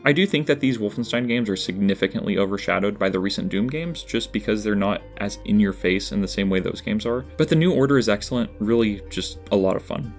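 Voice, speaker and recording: A man with a fairly low voice narrates a scripted game review in an earnest, candid way, tossing in dry asides. Soft guitar music plays faintly underneath. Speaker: video essay host.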